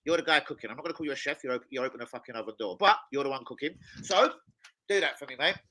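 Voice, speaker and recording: Man, host, quick rambling chat, bright edgy voice, lots of swearing. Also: medium pitch, rough recording. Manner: rambling, excitable, swears a lot. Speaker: watch-along host; chef. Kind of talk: casual chat.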